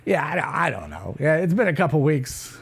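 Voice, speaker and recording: Woman doing a gravelly boastful street hitman. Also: low voice, sing-song, normal speed, exaggerated voice. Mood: gleeful. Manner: rambling, chatty, full of fillers and asides. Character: callous boastful street hitman, gleeful about killing. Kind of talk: improvised comic monologue.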